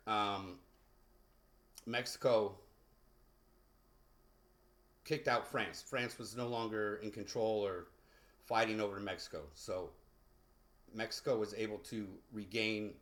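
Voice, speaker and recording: A man with a fairly low voice gives a casual pronunciation lesson. He talks very slowly and loosely, with lots of fillers and restarts, as he explains vocabulary to learners. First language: English. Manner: relaxed, many fillers and restarts. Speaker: English teacher.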